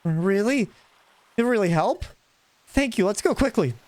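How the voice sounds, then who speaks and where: A man voicing a cheerful young male Pokémon hero in a game, reading in an eager high voice. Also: animated, unhurried, darkish tone.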